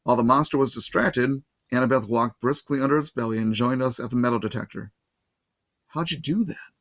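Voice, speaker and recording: A man reading a children's novel aloud in steady, even storytelling. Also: mid-range voice, fast, no echo. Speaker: reader.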